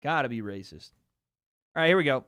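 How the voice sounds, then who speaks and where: A man's voice: medium pitch, animated, a bit bright. A man hosting a casual livestream, joking and swearing while chatting with his viewers. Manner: joking, profane, quick asides to chat. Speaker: livestream host. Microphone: streaming microphone.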